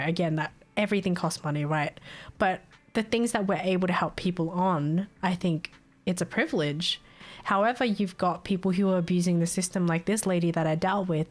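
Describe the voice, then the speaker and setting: Speaking into a desktop mic, a young woman with a fairly low-pitched voice chats casually with her stream viewers. She's talkative, swears freely, and often bursts out laughing.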